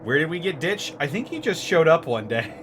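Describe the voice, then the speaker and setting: A man's voice: fairly high pitch, sing-song, brisk, fairly bright tone. A man streaming a video game live, commenting with wry, joking asides. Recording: noisy background hiss.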